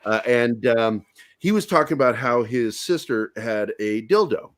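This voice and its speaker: A man spinning a crude story on a podcast, swearing freely and acting out every voice. His pitch sits in the middle but swings about widely as he gets into it. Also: measured pace. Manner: profane, animated storyteller. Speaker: podcast co-host. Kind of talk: casual storytelling chat.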